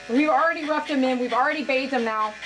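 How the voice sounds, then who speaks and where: A woman with a fairly high voice chats emotionally to her viewers as she grooms a dog. The steady buzz of clippers hums behind her in the salon. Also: moderate pace, noisy background. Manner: emotional, heartfelt, says "man" often. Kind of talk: casual vlog talk while grooming.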